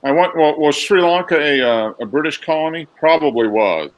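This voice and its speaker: A man's voice: fairly high pitch, animated, normal speed, no room sound, poor audio. A man in a casual chat who asks curious questions.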